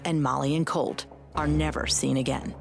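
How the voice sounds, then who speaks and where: A woman co-host giving scripted true crime narration in a measured, dramatic storytelling way. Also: low-pitched, steady tone, gravelly, music in the background. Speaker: podcast co-host.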